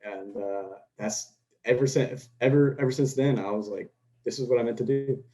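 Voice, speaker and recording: A man's voice: mid-range voice, normal speed, dark tone, rough recording. Young Houston man telling a rambling story. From Houston, Texas. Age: young adult. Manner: rambling with many restarts and quoted dialogue. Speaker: podcast guest. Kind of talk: casual storytelling chat.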